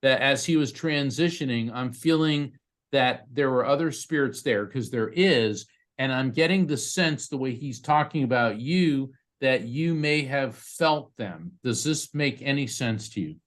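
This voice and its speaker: The speaker is a man working as a psychic medium, and his voice sits in the mid range. Giving a live video-call reading to a parent who has lost a child, he chats haltingly, peppering his words with fillers and restarts.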